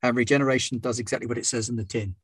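Game master, male, husky, dry close mic, measured rules-explainer. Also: medium pitch, steady tone, dry recording. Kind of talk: narrating a tabletop game.

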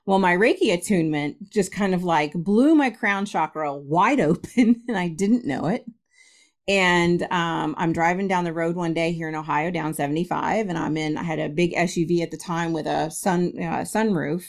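A woman's voice: fairly low pitch, moderate pace. A middle-aged woman, a spiritualist medium and podcast guest, telling a personal story with lots of laughter and acted-out quotes. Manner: laughs often, acts out quoted voices.

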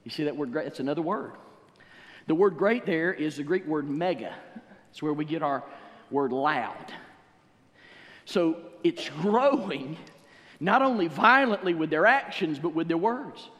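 A male pastor preaching a sermon in a church, telling stories in an animated way and breaking into exuberant shouts. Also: a little high, measured pace, pauses often. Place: church sanctuary. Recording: long church hall reverb.

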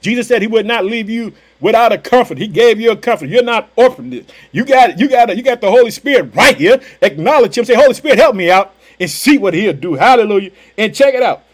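A man preaching a fervent, energetic podcast sermon in casual street phrasing, often crying out hallelujah. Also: high voice, brisk, few pauses. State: pumped up.

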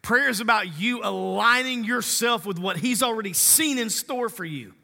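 A man's voice: high-pitched, normal speed, vocal fry, sharp tone, big-room sound. A man preaching a sermon as a pastor, conversational and humorous, teasing his congregation.

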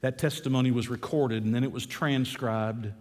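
A male pastor preaching an impassioned sermon, telling a story dramatically with big swings in pitch and loudness. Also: fairly even intonation, moderate pace, in a large hall. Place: church.

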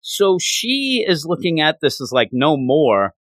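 A man with a slightly higher voice walks through a comic issue in a loose, rambling way, full of "you know" and "like." The sound is close and dry, with no room around it. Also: very animated, measured pace, a bit bright, no room sound. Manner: rambling, chatty retelling with fillers. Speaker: comic book reviewer. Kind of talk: casual spoken review.

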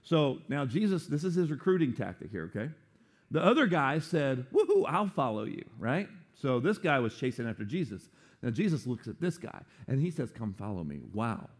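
A man preaching a sermon, animated and playful, acting out quotes for humor. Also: medium pitch, normal speed. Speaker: pastor.

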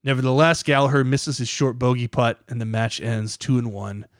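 A man's voice: mid-range voice, little pitch movement, moderate pace, no room sound, clean studio sound. A man hosting a podcast, reading scripted documentary narration with a dramatic, building emphasis. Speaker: podcast host.

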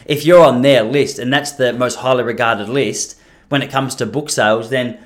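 A man's voice: medium pitch, fairly even intonation, moderate pace. A man hosting his own podcast, rambling and self-deprecating in casual chat. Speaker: podcast host.

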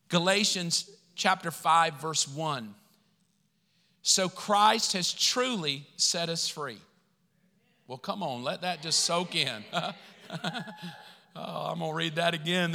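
Bright-voiced preaching pastor in a hall. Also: male voice, a little high. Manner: animated preaching, swings from loud to quiet. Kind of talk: sermon.

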